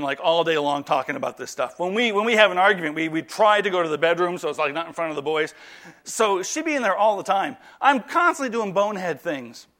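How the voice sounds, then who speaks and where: High, bright-voiced animated male preacher. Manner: animated preaching, mixing humor with earnest appeals. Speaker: pastor. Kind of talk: sermon.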